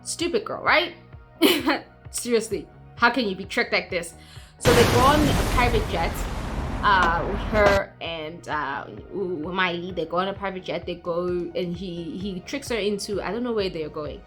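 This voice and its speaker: A woman's voice: mid-range voice, measured pace, fairly bright tone, soft background music. A woman recapping a movie in a chatty, mocking way, acting out characters as she goes. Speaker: YouTuber.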